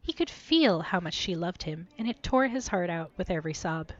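A woman co-hosting a podcast, reading a story aloud with lively expression and joking banter. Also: fairly low pitch, moderate pace, lo-fi sound. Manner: expressive, giggly.

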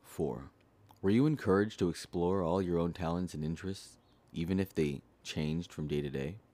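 A man with an extremely low, deep voice reads a self-help book aloud. His delivery is steady and earnest, and he poses each question directly to the listener. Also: moderate pace. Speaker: audiobook reader.

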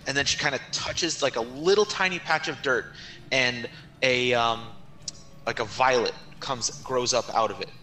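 Guy narrating his character in a tabletop game, bright voice, lots of ums. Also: mid-range voice. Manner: halting, many fillers and restarts. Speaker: player.

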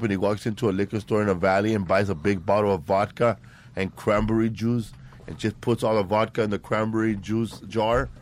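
Slangy man telling party stories. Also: on the low side. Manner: slangy, profane, keeps saying bro and man. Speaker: podcast host. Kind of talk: casual podcast chat.

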